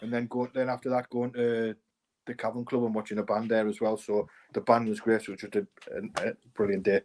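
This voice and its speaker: A man telling a rambling, excitable football story on a podcast. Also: lowish voice, fairly quick. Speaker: podcast co-host. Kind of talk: casual storytelling.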